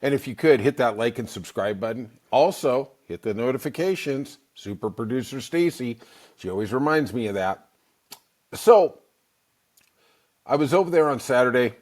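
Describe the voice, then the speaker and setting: A man's voice: medium pitch, expressive, moderate pace, a little mellow. A middle-aged male podcast host tells a casual, rambling story. He peppers it with wry asides, and his voice swings widely up and down. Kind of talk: casual comic storytelling monologue.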